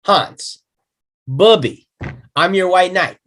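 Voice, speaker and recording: Male actor reads a smug fast-talking yuppie dealmaker, salesman patter. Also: high-pitched, fairly bright tone. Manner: brash, wheedling salesman patter. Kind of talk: table read.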